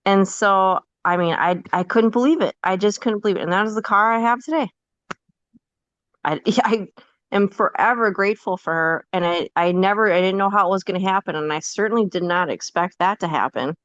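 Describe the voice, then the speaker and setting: A woman's voice: mid-range voice, a little fast, fairly bright tone, no room sound, muffled recording. A woman podcast guest in casual chat, telling a personal story candidly and often laughing.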